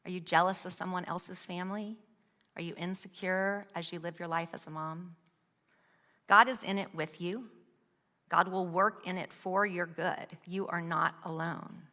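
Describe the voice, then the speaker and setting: An earnest woman teaches at a women's ministry gathering, reading scripture and asking one rhetorical question after another. Her voice is bright and forward. A long, echoing reverb trails each phrase, as in a large hall. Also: medium pitch.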